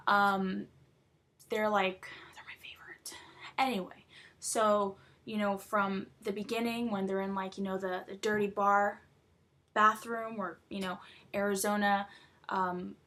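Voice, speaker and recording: A young woman vlogging casually, chatty and rambling, full of fillers and excited asides. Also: mid-range voice. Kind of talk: casual chat about a TV show.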